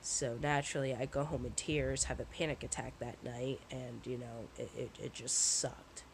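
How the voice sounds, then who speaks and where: A woman's voice: extremely low pitch, level tone, moderate pace, creaky, a little hiss or hum, low-quality recording. A woman vlogger telling a personal story in a casual, rambling way, swearing often and sounding shaken. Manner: profane, candid, rambling with restarts.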